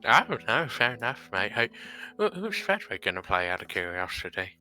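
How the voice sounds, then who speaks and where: A man's voice: lowish voice, a little fast, over music, poor audio. A man doing easygoing mate-saying Clive. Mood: friendly. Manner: relaxed, says mate often.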